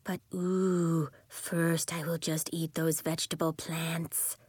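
A woman's voice: sits low, little pitch movement, takes it slowly, darkish tone, breathy edge, dry recording, voice pushed down, full character voice. A woman voicing a gluttonous goat-headed kitten girl in a storybook, with a dreamy, savoring delivery. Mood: greedy.

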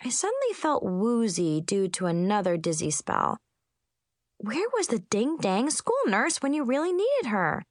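A woman narrating a first-person storybook in an expressive, comic way. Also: fairly high pitch, a little slow, no room sound, clean studio sound. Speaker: audiobook narrator.

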